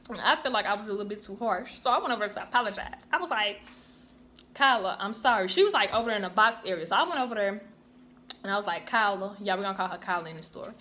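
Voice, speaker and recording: A woman's voice: mid-range voice, racing. A young woman telling a childhood story in a casual, chatty way to her channel, acting out the voices of the people in it. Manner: chatty, animated, acts out quoted voices. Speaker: YouTuber. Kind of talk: casual storytelling while eating.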